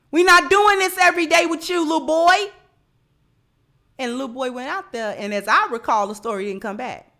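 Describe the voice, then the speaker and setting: A woman with a high, bright voice delivers livestream commentary at an unhurried pace. She lectures by repeating rhetorical questions, each one pressing the point again. Her tone stays sharp and emphatic throughout. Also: creaky. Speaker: online commentator.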